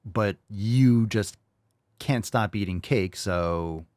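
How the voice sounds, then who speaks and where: A man's voice: on the low side, takes it slowly, darkish tone, no room sound, studio quality. A man hosting a reaction commentary, blunt, profane and mocking. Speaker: host.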